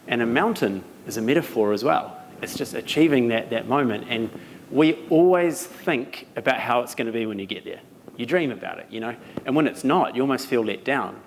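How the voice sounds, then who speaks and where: New Zealand man telling stories in a hall. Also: medium pitch. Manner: animated, laughing as he tells stories. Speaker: speaker at a live talk. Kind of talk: storytelling talk. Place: event venue. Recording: reverberant hall, some noise.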